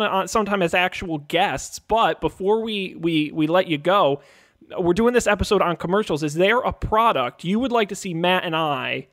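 Brief: self-deprecating male co-host, restarts a lot, high voice, dry close sound. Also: a bit bright, no room sound. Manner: stammering, self-deprecating, laughs often. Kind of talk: comedic podcast banter.

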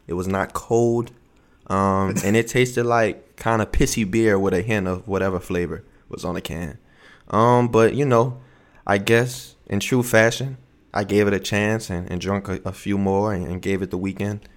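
A man's voice: lowish voice, fairly even intonation, normal speed. Laid-back young man, slangy podcast banter. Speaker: podcast co-host. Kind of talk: casual podcast chat.

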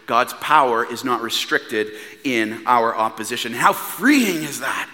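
A male pastor preaching a sermon in a church, earnest and pleading, swinging from hushed asides to loud emphatic lines. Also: mid-range voice, normal speed, big-room sound. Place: church hall.

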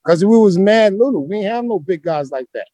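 New man, high voice, dry booth sound, rambling slangy guest. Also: brisk, no echo. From Brooklyn, New York. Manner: animated, slangy, rambling street talk. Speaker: interview guest, former street basketball player. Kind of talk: casual storytelling interview.

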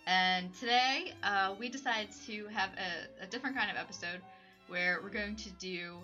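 A woman co-hosting a casual podcast, talking fast and giggling often. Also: mid-range voice, bright, forceful tone, muffled recording, faint music behind. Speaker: podcast co-host. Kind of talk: casual chat.

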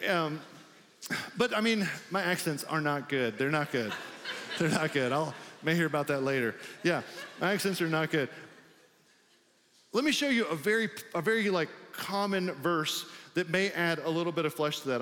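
A man's voice: fairly high pitch, bright, forceful tone, in a large hall. A male pastor preaching a sermon in a loose, conversational way, with many filler "like"s.

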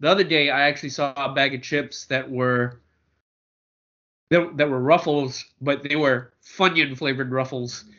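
A man's voice: medium pitch, fairly even intonation, moderate pace, pushed and bright, muffled recording. A man co-hosting a podcast in a casual, joking chat, often repeating words as he starts a thought. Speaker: podcast co-host.

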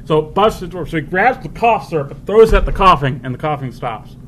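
Joke-telling podcast guy, slightly high. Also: expressive, fairly bright tone. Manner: drawn-out storytelling, acting out lines. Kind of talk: casual chat. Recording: background noise in a game store.

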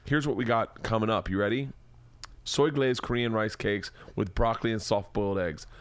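A man's voice: on the low side, moderate pace, smooth. A man in his forties hosting a podcast, doing a loose, profane, joking ad read. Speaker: podcast host. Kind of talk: casual ad read.

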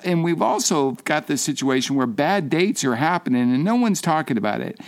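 A man hosting a podcast, introducing the show and its callers in an earnest, explanatory way. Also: a little high. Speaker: podcast host.

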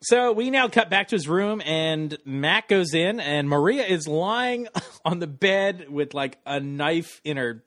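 A man hosting a podcast in casual chat, animated and often exasperated, laughing as he talks. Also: fairly high pitch, a little slow, dry recording, studio quality. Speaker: podcast host.

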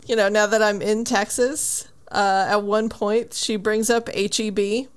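A woman's voice: mid-range voice, fairly even intonation, measured pace, clear, resonant tone. A woman co-hosting a book podcast, chatting casually and eagerly retelling scenes from a book. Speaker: podcast co-host.

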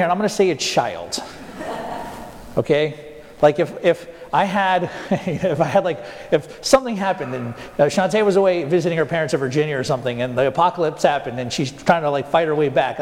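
A man with a fairly high voice delivers a sermon as pastor, recorded in a church with a long reverb. He puts questions to his listeners and draws out key words for emphasis. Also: darkish tone, slight background noise. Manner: asks the congregation rhetorical questions, slows down for emphasis.

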